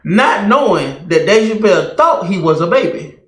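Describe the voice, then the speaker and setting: A man co-hosting a reaction video, chatting casually and excitably, often repeating himself. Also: high voice, normal speed, roomy sound.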